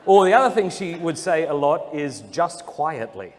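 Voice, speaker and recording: A man's voice: fairly high pitch, brisk. A man with an Australian accent telling funny stories in a jokey, self-deprecating way with frequent chuckles. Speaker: speaker. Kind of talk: humorous storytelling talk. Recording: long hall reverb, faint noise.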